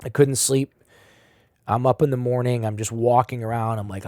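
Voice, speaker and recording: A man as a podcast guest, telling a personal story with blunt, profane language and big swings in loudness. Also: medium pitch, moderate pace, dry recording, clean studio sound. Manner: animated, swings between loud and quiet.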